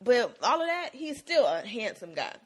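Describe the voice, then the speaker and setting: Animated woman recapping TV with laughs. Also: a little high, normal speed. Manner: animated, laughing, slangy storytelling. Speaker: podcast co-host. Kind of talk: casual TV recap chat.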